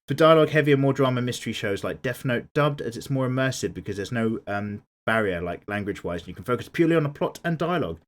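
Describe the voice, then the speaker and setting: A man, chatting casually while drawing and answering viewer comments in a laid-back, playfully indignant way. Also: mid-range voice. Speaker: art YouTuber.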